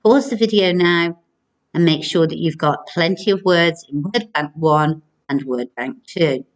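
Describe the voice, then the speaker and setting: A woman primary school teacher giving a recorded video lesson, speaking clearly and encouragingly to children. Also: deep voice. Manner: slow, clear, encouraging classroom delivery.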